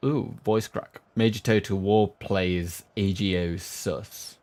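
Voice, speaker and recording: A man streaming a strategy game, chatting with viewers between sudden excited outbursts. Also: on the low side, slow, few pauses. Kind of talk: live gameplay commentary.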